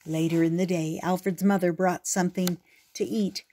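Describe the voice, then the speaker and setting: An older woman reading a children's picture book aloud in a gentle, expressive storytelling voice. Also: on the low side, normal speed.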